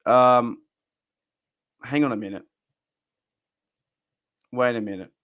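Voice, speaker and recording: An Australian man hosts a casual fan live stream as a podcast host, speaking into a desk microphone. He rambles, gets excitable, and stops to answer viewers in his chat, with a mid-range voice and a slow pace.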